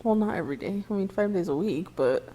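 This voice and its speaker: Mellow, laid-back woman co-host. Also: medium pitch, animated, fast. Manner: laid-back, joking, chuckles often. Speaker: podcast co-host. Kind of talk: casual podcast chat.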